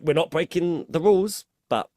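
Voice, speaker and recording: A man's voice: fairly high pitch, expressive, normal speed, darkish tone, no echo, studio quality. A man talking casually as a podcast guest, hesitant, with lots of likes and ums. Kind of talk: casual chat.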